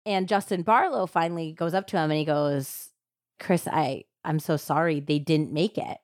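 A woman hosting a true crime podcast, retelling a case in a casual, animated way with lots of "like" fillers. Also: low-pitched, normal speed, dry recording, studio quality. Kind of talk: casual storytelling chat.

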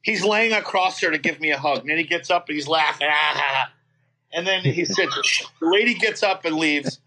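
A man with a bright, slightly raised voice tells a rowdy road story in a casual interview. He swears freely and restarts his sentences as the anecdote tumbles out. He sounds middle-aged. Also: fairly high pitch, moderate pace, slight background noise. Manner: profane, animated anecdote-telling with frequent restarts. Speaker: guest, metal singer.

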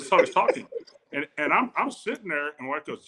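A man in his forties, a former football player, telling animated anecdotes in a casual chat and acting out the people in them. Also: fairly high pitch, brisk, a little hiss or hum. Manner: animated anecdotes with repeated starts, quotes others. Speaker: guest, former football tight end.

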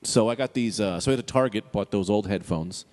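A man's voice: lowish voice, brisk, long reverb tail. A man co-hosting a casual podcast, telling rambling anecdotes to his friends. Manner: rambling storyteller, animated. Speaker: podcast co-host.

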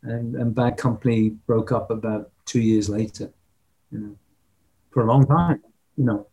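Brief: older male musician guest, mid-pitched voice, lively storyteller who scats drum beats. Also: normal speed, creaky. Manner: animated anecdotes, mimics drum patterns vocally. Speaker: interview guest, rock drummer. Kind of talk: casual storytelling interview.

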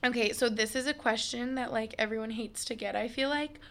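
A woman's voice: fairly high pitch, brisk, a bit bright. A young woman hosting a podcast in a casual chat, asking friendly, rambling questions. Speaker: podcast host.

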